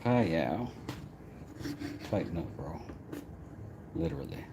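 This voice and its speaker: Chatting on a live stream while doing woodwork, a man with a low-pitched voice speaks slowly with lively intonation. He jokes and talks to himself as he works, and the background is noisy.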